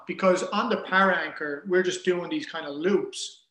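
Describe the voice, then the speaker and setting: A man casually telling a story in an animated way, acting out the things people said. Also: high-pitched, normal speed. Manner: animated, acts out quoted dialogue. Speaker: guest telling an ocean rowing story. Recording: roomy echo.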